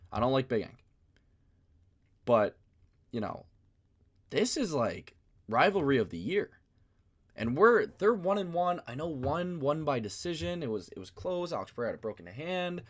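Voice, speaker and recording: A man hosting a casual fight commentary vlog from his basement, rambling and self-mocking. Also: medium pitch. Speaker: MMA video host.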